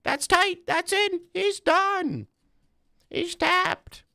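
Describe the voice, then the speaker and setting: A man putting on a woman's high falsetto voice, calling out a grappling match in short repeated phrases. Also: drawn-out words, gravelly, sharp tone, no echo, studio quality, heavily acted. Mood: breathless. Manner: clipped repeated calls. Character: woman fighter turned fight announcer, squeaky falsetto.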